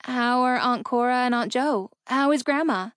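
A woman voicing a young fiancée who sounds subdued and quietly hurt, speaking softly in an audiobook reading. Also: fairly high pitch, normal speed, dry recording, clean studio sound, pitched above the performer's own voice, close to an everyday voice.

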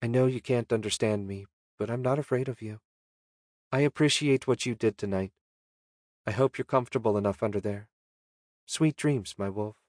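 A man voicing a calm, kind young woman in an audiobook, speaking gently. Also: medium pitch, moderate pace, no echo, studio quality, lightly acted. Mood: gentle.

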